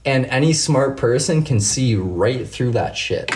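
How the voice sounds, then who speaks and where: A man's voice: mid-range voice, animated, unhurried, a little mellow, slight background noise. A man hosting a casual livestream, answering viewers' comments by name and launching into heated, profane rants. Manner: talks straight to viewers by name. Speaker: livestream host.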